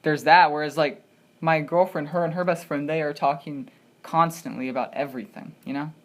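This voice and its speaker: Woman, podcast host, lowish voice, playful, rambling, casual. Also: fairly even intonation, a little fast. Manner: joking, rambling, playful provocation. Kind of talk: casual chat.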